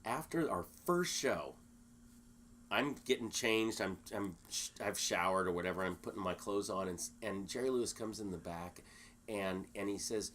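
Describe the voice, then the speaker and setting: A man being interviewed, telling a story in a lively, animated way and acting out the quotes. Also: fairly low pitch, normal speed, slight background noise. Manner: animated storyteller, acts out quotes, many restarts. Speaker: guest.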